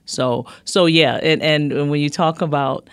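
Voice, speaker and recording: A woman's voice: low voice, fairly even intonation, measured pace, clean tone, dry recording. Middle-aged woman, pastor, guest interview, earnest, repeats herself, dry booth sound. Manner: earnest, repeats words as she builds a point. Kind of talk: casual conversational interview.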